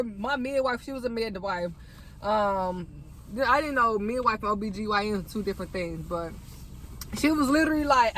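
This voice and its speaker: A woman's voice: fairly high pitch, fairly bright tone, a little hiss or hum. Chatty young woman telling a story. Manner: chatty, addresses viewers as y'all. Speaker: vlogger. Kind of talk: storytime mukbang chat.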